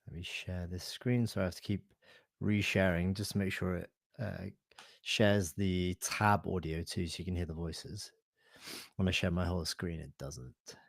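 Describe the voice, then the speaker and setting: A man presenting a live online software demo, thinking aloud in a relaxed, hesitant way with fillers and self-corrections. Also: sits low, moderate pace, creaky, dry recording. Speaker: webinar presenter.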